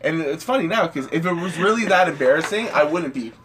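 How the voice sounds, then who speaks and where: A man's voice: on the high side, expressive, quick pace, background noise. A man in his thirties co-hosting a podcast, telling rambling, crude stories in casual chat. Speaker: podcast co-host.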